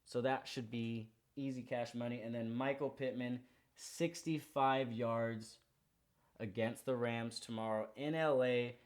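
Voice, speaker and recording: A man's voice: mid-range voice, steady tone, a little slow. A young man hosting a sports betting show, running through his picks in a slangy, hyped, confident way. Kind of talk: casual betting picks rundown.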